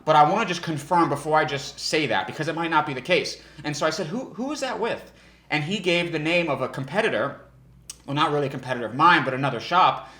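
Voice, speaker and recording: A man's voice: a little high, quick pace. Man coaching sales in an echoey room. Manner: energetic coaching, with frequent restarts and demonstrated tones. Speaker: sales trainer. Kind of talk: instructional talk.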